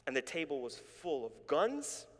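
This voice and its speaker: A man's voice: fairly high pitch, very animated, moderate pace, fairly bright tone. A man from Canada preaching a sermon in a church, telling his story with animation and calling on the congregation to respond. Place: church sanctuary. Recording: reverberant church hall.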